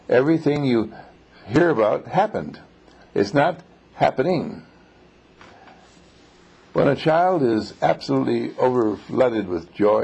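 A man's voice: mid-range voice, vocal fry, a little mellow, slightly rough, poor audio. A man teaching a small class on spiritual matters, telling stories and posing rhetorical questions.

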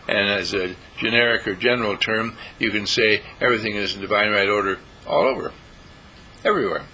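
A man's voice: lowish voice, normal speed, sharp tone, breathy edge, poor audio. A man hosting a spiritual talk show, preaching in a monologue full of rhetorical questions. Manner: preachy, rhetorical questions, voices imagined listeners. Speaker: radio talk host and dean of a healing school.

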